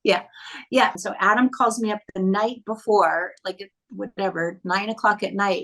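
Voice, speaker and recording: A woman film director speaking as an interview guest, recounting stories from a shoot in a casual, chatty way. Her voice sits at a mid pitch. She livens up her stories by acting out what others said. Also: normal speed, poor audio. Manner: animated, acts out quoted dialogue.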